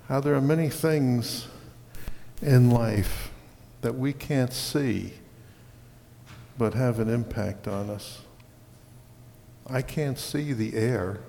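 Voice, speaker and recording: A man preaching a sermon as pastor, slow and deliberate, swelling louder on key words. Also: medium pitch, creaky, in a large hall, a little hiss or hum.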